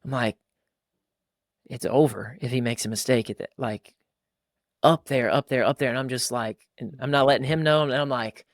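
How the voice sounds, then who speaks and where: A pastor who hosts a podcast, an adult father of young boys, chats earnestly about fatherhood in a mid-range voice at a slightly fast pace. He acts out quoted dialogue in a raised voice, and the recording is dry and studio-clean.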